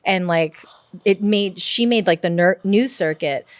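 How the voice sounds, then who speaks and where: A woman, a puppeteer and podcast guest from the United States, tells family stories in a casual, animated way, laughing often and using lots of "like". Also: mid-range voice, a little slow, no room sound. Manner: animated, laughs often, mimics her parents' voices; heavy use of "like" as filler. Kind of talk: casual conversational storytelling.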